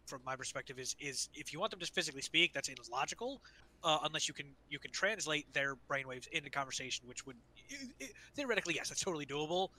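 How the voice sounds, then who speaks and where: A man with a bright, slightly high voice who talks fast and bluntly on a podcast. He voices firm, emphatic objections with plenty of swearing. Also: animated, low-quality recording. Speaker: podcast co-host. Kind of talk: casual chat.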